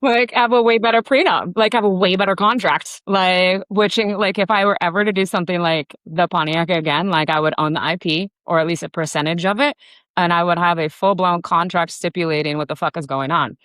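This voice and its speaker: A woman's voice: lowish voice, brisk, no room sound. Woman, 40s, from the US, bar owner; casual, swearing, filler-heavy storyteller, dry close sound. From United States. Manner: profane, animated storyteller with many fillers.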